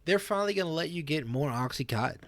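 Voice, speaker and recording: A man's voice: a little high, lively intonation, fast, a crowd in the background. Giggly joking man co-hosting a talk show. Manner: joking, giggly, repeats himself. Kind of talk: role-played talk show banter.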